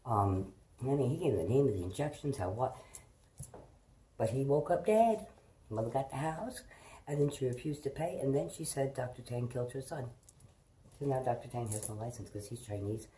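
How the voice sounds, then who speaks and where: A woman's voice: a bass voice, normal speed, mellow, slightly rough. Rambling, foul-mouthed middle-aged woman. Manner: rambling, swears freely, talks to her pets. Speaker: vlogger. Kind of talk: casual rambling chat to camera. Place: at home, indoors. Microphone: phone held in hand.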